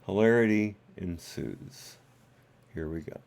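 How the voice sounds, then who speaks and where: A man's voice: sits low, slow pace, vocal fry, darkish tone. A man hosting a live stream, commenting casually with many hesitant fillers. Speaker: host.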